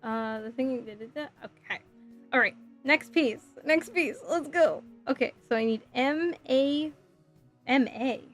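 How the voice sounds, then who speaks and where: Woman in her 30s, bit high voice, giggly chatty stream talk, light music behind. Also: measured pace. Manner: chatty, giggly, reading chat aloud. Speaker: streamer building a model kit. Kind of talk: casual livestream chat.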